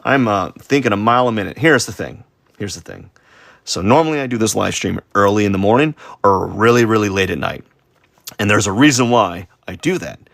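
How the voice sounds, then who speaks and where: A man's voice: fairly low pitch, brisk, gravelly, fairly bright tone, no room sound, clean studio sound. A man chatting casually on a livestream while drawing, rambling, stuttering and putting himself down. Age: adult. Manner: rambling, self-deprecating, stuttering. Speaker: streaming artist.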